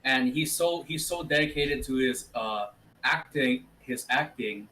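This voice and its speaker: Bright-voiced man, distant from the mic. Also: mid-range voice, unhurried, a little hiss or hum. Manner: easygoing, laughs while telling stories. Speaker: co-host. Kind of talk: casual chat.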